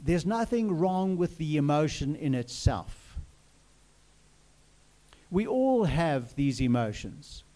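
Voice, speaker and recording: A man's voice: on the high side, sing-song, takes it slowly, pauses often, mellow. A man preaching a sermon in an earnest way, repeating phrases and asking the listeners questions.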